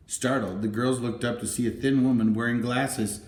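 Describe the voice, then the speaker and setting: A man narrating a children's storybook in a gentle, even reading voice. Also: medium pitch, moderate pace. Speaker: audiobook narrator. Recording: roomy, echoey room.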